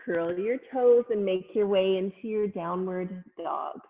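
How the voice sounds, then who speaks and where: A woman's voice: medium pitch, measured pace. Yoga teacher woman, tinny echoey sound. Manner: gentle, playful cueing with animal sounds. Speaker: yoga instructor. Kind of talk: guided family yoga class. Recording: phone-like sound in a long-echo room.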